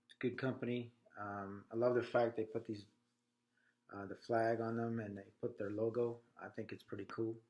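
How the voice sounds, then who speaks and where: A man who is short of breath, talking casually to camera indoors as a veteran video blogger, halting often with fillers. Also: fairly low pitch, little pitch movement, darkish tone, muffled recording.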